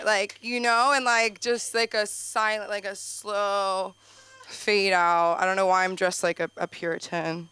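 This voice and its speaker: A young woman comic from Los Angeles speaks a little slowly in a steady, mid-range voice that's both gravelly and smooth. Her open-mic set is rambling and self-deprecating, heavy on "like," with laughter at her own jokes and sudden loud yelps.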